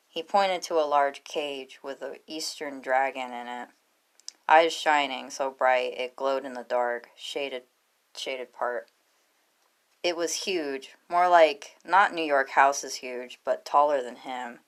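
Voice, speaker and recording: A woman reading a fan fiction story aloud in plain, steady narration. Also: a bass voice, unhurried.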